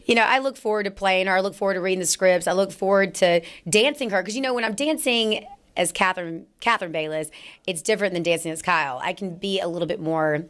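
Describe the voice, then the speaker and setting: A woman with a Southern US accent, chatting in an interview as an actress guest, bubbly and quick to laugh while telling stories. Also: medium pitch. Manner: bubbly, laughs often, animated storytelling. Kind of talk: casual interview chat.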